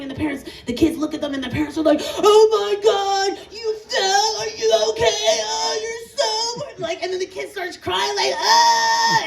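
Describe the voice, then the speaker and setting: A woman in her thirties from Canada doing a stand-up comedy set on an outdoor stage, animated and laughing through her punchlines. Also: sits high. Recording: echoey outdoor set from a distance, crowd laughter.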